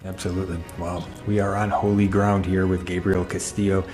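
Male talk show host, very deep voice, measured explanatory delivery, faint music bed. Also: flat delivery, a little mellow. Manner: measured, explanatory, addresses viewers.

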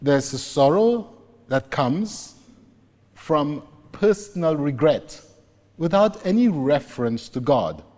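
Slow-spoken preacher in an echoing hall. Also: male voice, on the high side, very animated, a little mellow. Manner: slow, deliberate retelling of scripture scenes. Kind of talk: sermon. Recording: long reverb, echoey hall.

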